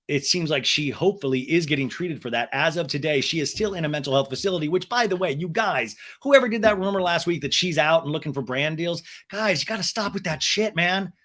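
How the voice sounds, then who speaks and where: A sarcastic male podcast host giving comedic recap commentary, his speech full of swearing. His voice sits a little high and swoops a lot as he riffs. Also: a little fast. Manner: animated, sarcastic, profane.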